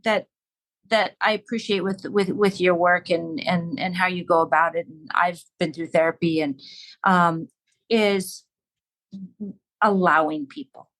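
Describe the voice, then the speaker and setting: A woman's voice: lowish voice, fairly even intonation, a little slow, fairly bright tone, rough recording. A woman talking earnestly and reflectively in a casual podcast conversation.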